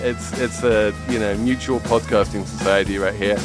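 A man's voice: fairly low pitch, steady tone, moderate pace, over music. A man hosting a podcast in casual chat, explaining things with confident asides. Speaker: podcast host.

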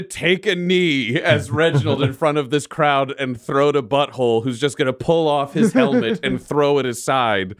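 A man's voice: mid-range voice, animated, normal speed, few pauses. A man playing a tabletop game, casually describing his character's actions with laughing asides. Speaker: player.

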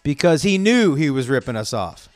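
A man's voice: fairly high pitch, very animated, moderate pace, faint music behind. A man telling a long, angry story in a casual, profane way, acting out the people he quotes.

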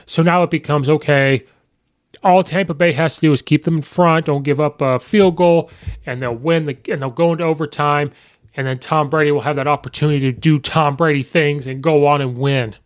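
A man hosting a podcast, recapping a football game in a rambling, excitable way and acting out fans' reactions. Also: a little high, brisk. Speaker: podcast host. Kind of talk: casual sports recap.

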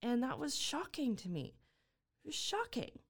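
A woman guest on a podcast telling a personal story in an earnest, halting way, with many fillers and restarts. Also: high voice, huge pitch swings, creaky.

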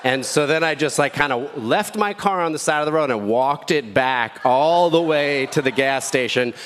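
A man in his thirties telling a rambling, self-deprecating stand-up story as a new dad. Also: normal speed. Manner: rambling, self-deprecating, with squeaky shouted quotes. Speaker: stand-up comedian. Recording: echoey hall with faint ambience.

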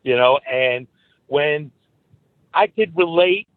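Male radio caller, New York accent, high voice, rambling and animated, tinny phone line. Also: takes it slowly, dry recording. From Bronx and Long Island, New York. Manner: rambling, animated, self-interrupting. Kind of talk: phone-in chat.

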